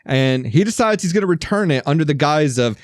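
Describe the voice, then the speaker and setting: A man's voice: a little high, animated, a little fast, dry recording, studio quality. A man co-hosting a podcast, casually recapping film scenes and laughing often. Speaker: podcast co-host.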